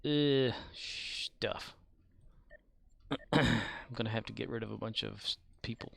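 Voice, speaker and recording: A man's voice: lowish voice, flat delivery, a little slow, creaky, a bit bright. A man casually chatting on a live game stream, muttering to himself and humming along.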